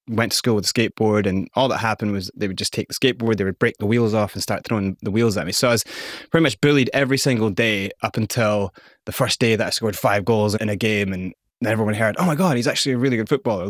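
Interview guest, male, low voice, dry close recording, candid and animated storyteller. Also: dry recording. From Scotland, raised partly in South Africa. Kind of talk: recounting his life story.

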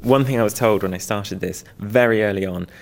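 A man with a low, gravelly voice talks about weaving in a documentary interview. He rambles a little, makes fun of himself and chuckles now and then. His tone stays easy and unhurried. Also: soft background music. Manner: self-deprecating, chuckling, rambling. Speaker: weaver restoring old looms.

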